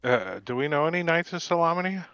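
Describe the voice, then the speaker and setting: A man speaking as a player in a tabletop game, hesitant and halting. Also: a little high, very animated, a bit bright, clear, resonant tone, no echo, lo-fi sound.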